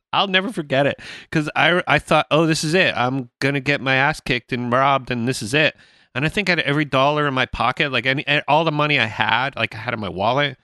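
A man's voice: on the high side, pushed and bright, no echo, clean studio sound. A man hosting a podcast, telling rambling stories in casual chat and laughing often. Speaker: podcast host.

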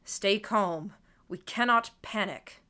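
A woman voicing a calm adult male shepherd who leads a group, speaking in a measured, steady way in an audiobook. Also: medium pitch.

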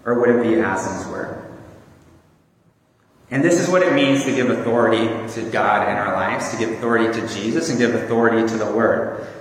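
A man's voice: on the low side, brisk. A man preaching a sermon in an earnest, conversational way with small fillers. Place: church hall. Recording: echoey hall from far off.

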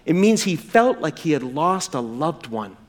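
A man preaching a sermon in church, swinging from loud emphasis to hushed, drawn-out words and acting out quoted dialogue in a raised voice. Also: on the high side, sing-song. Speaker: pastor.

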